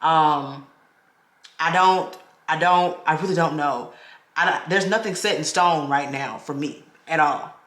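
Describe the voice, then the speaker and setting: An animated woman in her thirties tells her story straight to the camera and keeps addressing her viewers. Her voice is bright and forceful. The room around her is echoey. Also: low voice, measured pace. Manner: animated, talks straight to viewers with "y'all", acts out quoted voices. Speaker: vlogger. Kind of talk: personal storytelling vlog.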